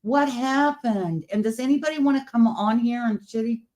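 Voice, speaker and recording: Chatty and sometimes whispering, a livestream host reads viewer comments aloud during a casual late-night stream. Her voice is on the high side and a little mellow, moving at a moderate pace, and new partial teeth make her speech slightly impeded.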